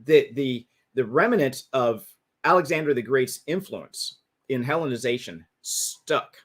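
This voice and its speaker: With a medium-pitched, animated, slightly bright and husky voice, a man hosts a livestream at a measured pace. He walks through history slides in casual teaching talk, restarting phrases often, on a livestream mic.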